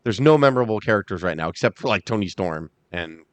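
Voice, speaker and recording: A man co-hosting a wrestling podcast, talking casually, swearing freely and dropping into quick impressions. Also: lowish voice, animated, no room sound. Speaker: podcast co-host. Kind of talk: casual chat.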